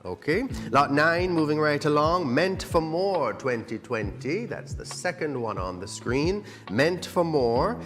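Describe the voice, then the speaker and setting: A man's voice: fairly high pitch, animated, measured pace, few pauses, a bit bright. Man calling a charity auction. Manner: upbeat, coaxing bids. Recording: long hall reverb with music behind.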